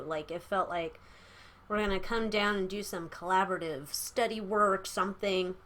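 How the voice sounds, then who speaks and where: Reading tarot for her vlog in a small room at home, a young woman rambles and giggles her way through casual chat. She has a mid-range, slightly bright voice at a moderate pace, recorded on a camera mic.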